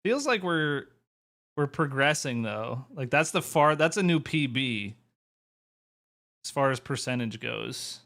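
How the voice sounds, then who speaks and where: A young man in a relaxed live-stream chat, talking loosely to his audience with a casual, chatty manner and a bit of swearing. His voice sits at an ordinary middle pitch for a man. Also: a little slow, vocal fry, long pauses. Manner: laid-back, chatty, talks to his chat, mild swearing.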